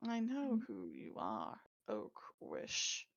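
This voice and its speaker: A woman playing a creaky mechanical shopkeeper. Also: rumbling low, slow pace, muffled recording, pitched below the performer's own voice, full character voice. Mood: stiff. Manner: flat, mechanical, formal speech. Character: stiff male clockwork shopkeeper with many eyes.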